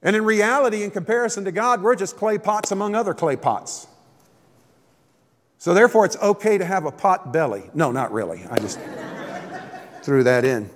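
A man delivers a sermon in a high-pitched voice, moving between plain teaching and acted-out grumbling voices. His manner is folksy and joking. The sound carries a long reverb, as in a large church hall. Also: moderate pace, pauses often. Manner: folksy preaching, acts out complaining voices, jokes. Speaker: pastor. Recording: echoey hall.

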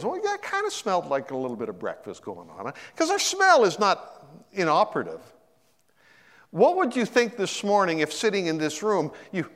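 A man's voice: on the high side, a little fast, in a large hall. A middle-aged man preaching a sermon as a pastor in a church, acting out quotes and repeating words as he gathers his thoughts. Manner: animated, acts out quotes with sudden voice shifts. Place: church sanctuary.

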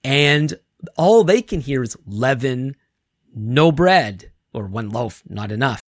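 A man's voice: medium pitch, takes it slowly, no echo, clean studio sound. A male pastor giving a conversational sermon, acting out quotes and often restarting words. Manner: conversational, animated, acts out quotes, repeats words.

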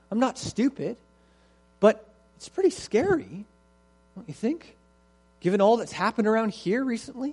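A man's voice: high voice, darkish tone, slightly rough, pitched above the performer's own voice, exaggerated voice. A man voicing a nervous ancient Hebrew father who frets and rambles as he reassures himself. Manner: fretful, rambling, self-reassuring.

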